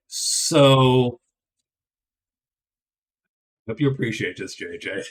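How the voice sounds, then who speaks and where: A man's voice: medium pitch, slow, pauses often. A man giving a casual spoken movie review, rambling and chatty, with wry, amused asides and frequent restarts.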